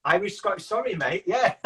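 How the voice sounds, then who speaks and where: A man's voice: high voice, lively intonation, unhurried, sharp tone. Rambling Yorkshire man telling stories. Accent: Yorkshire English. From Yorkshire, England. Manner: rambling, anecdotal, quotes himself and others. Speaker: interview guest. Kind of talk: casual interview storytelling.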